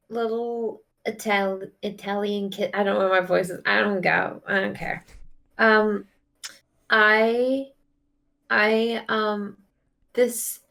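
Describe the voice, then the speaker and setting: A woman's voice: mid-range voice, gravelly, fairly bright tone. A woman playing a tabletop game with friends, talking casually with many fillers and a playful, hesitant manner. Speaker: player.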